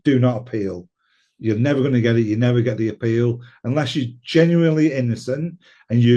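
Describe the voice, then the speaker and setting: A man's voice: mid-range voice, dark tone. A British man telling a story in a casual interview, swearing often and laughing as he talks. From United Kingdom. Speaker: interview guest.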